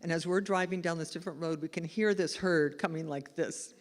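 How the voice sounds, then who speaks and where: A woman minister giving a lively, chatty storytelling sermon at a live church service. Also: fairly low pitch, brisk. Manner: chatty and animated, laughing as she tells the story. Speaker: spiritual director and minister. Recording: long hall reverb in a church.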